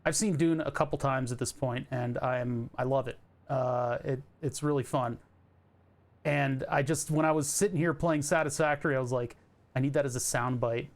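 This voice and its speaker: A man's voice: mid-range voice, fairly even intonation, normal speed, vocal fry. A man streaming a building game, chatting casually to his viewers in a rambling, self-mocking way. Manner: rambling, self-mocking, jokey asides to chat. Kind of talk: casual gameplay commentary.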